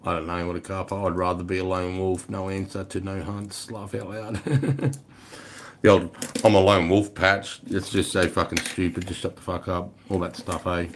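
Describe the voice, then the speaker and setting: A man's voice: low-pitched, little pitch movement, moderate pace, a little hiss or hum. An Australian man telling a rambling, profane story to his live chat. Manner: profane, rambling, swears constantly. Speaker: livestreamer.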